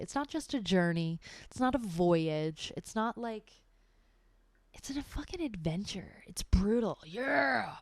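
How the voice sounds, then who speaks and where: A woman's voice: medium pitch, no echo. A young woman chatting alone on a livestream, rambling and swearing freely and sometimes dropping into a whisper. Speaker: livestream host reading a book aloud. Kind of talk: casual solo livestream chat. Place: alone at home.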